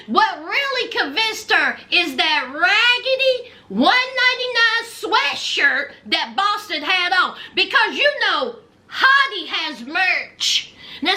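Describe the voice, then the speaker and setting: Sassy high-voiced woman recapping reality TV. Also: pushed and bright. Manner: sassy, sarcastic, slangy asides to viewers. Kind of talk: casual reality show recap commentary.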